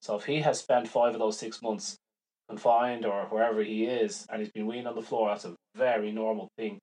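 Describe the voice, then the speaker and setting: A man co-hosting a veterinary podcast in casual chat, rambling and animated, often acting out quoted voices. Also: fairly low pitch, moderate pace, poor audio.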